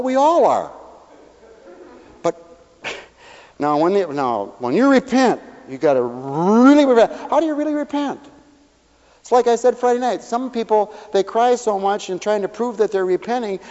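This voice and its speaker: A man preaching as a pastor, folksy and animated, acting out little voices as he talks. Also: high voice. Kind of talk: sermon. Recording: dull hall recording with long reverb.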